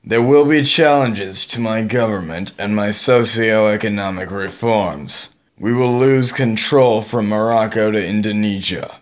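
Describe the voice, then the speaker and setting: A man playing a stern, menacing dictator with a measured, commanding delivery. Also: fairly low pitch, natural voice.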